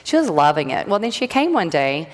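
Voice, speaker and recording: Low-voiced lady rambling on to a crowd, chatty, big hall echo. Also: sing-song, fairly quick. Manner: rambling, chatty, self-interrupting storyteller. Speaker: graduate speaker, natural health practitioner. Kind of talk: casual speech to a live audience. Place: event hall. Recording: long hall reverb.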